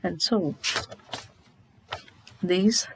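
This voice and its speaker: Speaking very slowly in a lowish voice, a woman teacher retells a short story for a literature lesson, explaining it, asking herself questions and checking in with "okay?". Background noise is audible.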